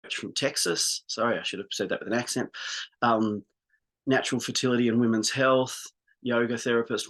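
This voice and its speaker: A man's voice: mid-range voice, fairly bright tone. Upbeat male business coach. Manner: upbeat, informal, guiding the group. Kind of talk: live online coaching session.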